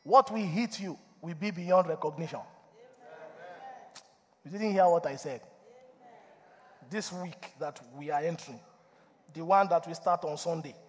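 A man preaching a sermon as a pastor, animated, asking for responses from the congregation and laughing between points. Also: on the high side, unhurried, long pauses. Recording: long reverb of a church hall.

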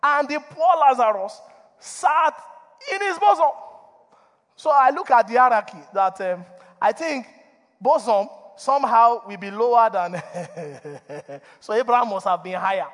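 A man preaching a sermon as a pastor, animated, asking for responses from the congregation and laughing between points. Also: sits high. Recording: long reverb of a church hall.

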